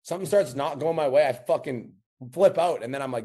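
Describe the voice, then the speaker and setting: A man's voice: medium pitch, expressive, brisk, warm tone. A man coaching a client on a call, blunt and profane, giving a pep talk with rising intensity. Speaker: business coach.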